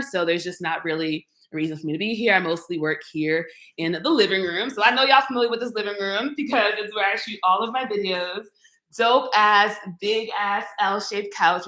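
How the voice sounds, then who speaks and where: A woman's voice: mid-range voice, a bit bright. A woman in her twenties chatting casually to live-stream viewers while she walks through a modern apartment, picked up by a camera mic. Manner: chatty and playful, talks straight to viewers. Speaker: YouTuber giving an apartment tour. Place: modern open-plan apartment, indoors. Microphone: camera mic, walking through rooms. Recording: echoey apartment rooms.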